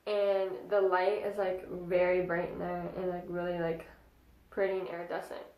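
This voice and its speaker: A young woman in her twenties telling a casual storytime vlog, chatty and excitable with lots of fillers. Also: fairly low pitch, moderate pace. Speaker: vlogger. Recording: echoey room.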